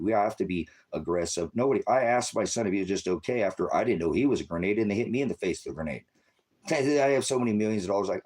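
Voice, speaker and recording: Middle-aged man streaming a furious, swearing rant; low, husky voice that flares into shouts. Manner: profane, agitated, shouting bursts. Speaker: online streamer. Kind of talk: angry ranting monologue.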